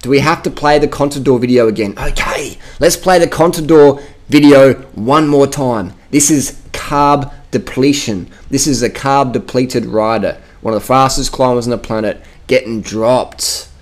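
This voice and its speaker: A man's voice: medium pitch, moderate pace. Australian man, cycling vlogger, casual commentary, brash, profane, emphatic. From Adelaide, South Australia. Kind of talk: casual commentary over video.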